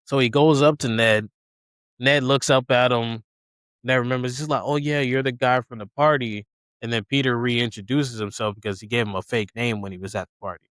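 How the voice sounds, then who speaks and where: A podcast co-host walks through a film's story in an easygoing, casual manner, acting out the characters' dialogue with lots of animation. He speaks briskly at a medium pitch, and his smooth, clear voice is recorded close-up and dry.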